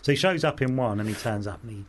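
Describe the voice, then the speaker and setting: A man's voice: lowish voice, fast talker, slight background noise. A man in casual chat, telling a long anecdote with many fillers and acting out the voices in it.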